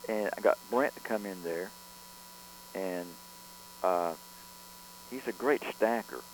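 Low-voiced rambling male record producer. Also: slow pace, slight background noise, poor audio. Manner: rambling, with frequent restarts and fillers. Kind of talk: conversational storytelling interview.

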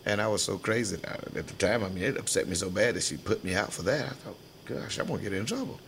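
A man's voice: lowish voice, expressive, quick pace, creaky, hardly any pauses, a bit bright, a little hiss or hum. An older man telling stories in an oral history interview, folksy, laughing often and acting out the voices in his memories.

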